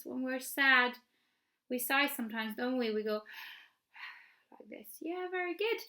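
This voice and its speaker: A woman's voice: a little high, sharp tone. A woman presenting a children's story time, teaching signs for the story in a playful, encouraging, sing-song way.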